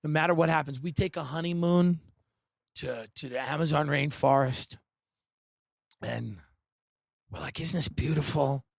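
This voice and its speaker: A man hosting a podcast, riffing in a sarcastic, deadpan comedic monologue full of dark satire and sudden mimicked voices. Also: on the high side, a little slow, gravelly, long pauses, no echo. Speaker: podcast host.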